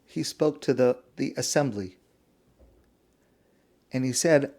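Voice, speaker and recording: A man, a rabbi, telling a story in a sermon, slow and hushed with dramatic pauses. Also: mid-range voice.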